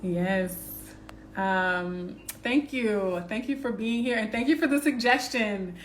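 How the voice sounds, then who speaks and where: A woman slowly reading affirmations with pauses between phrases, then chatting casually with livestream viewers. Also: mid-range voice, a little hiss or hum. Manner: slow, deliberate, pausing between phrases.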